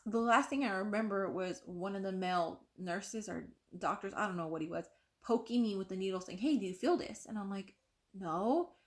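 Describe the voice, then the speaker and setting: A young woman vlogger telling a personal story to the camera in an animated way, full of "like" and acted-out quotes of what others said. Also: mid-range voice. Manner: animated, acts out quoted voices, frequent "like".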